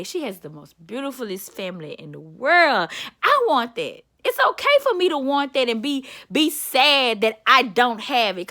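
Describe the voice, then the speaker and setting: Bright, animated woman motivator. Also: fairly high pitch. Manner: candid, chatty, calls listener honey and baby. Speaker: self-described motivator. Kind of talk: personal vlog storytelling.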